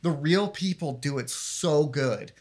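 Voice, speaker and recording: A man's voice: a little high, measured pace. A man co-hosting a movie podcast, telling rambling anecdotes in casual talk full of swearing. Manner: rambling storyteller, swears freely. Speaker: podcast co-host. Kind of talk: casual film-review banter.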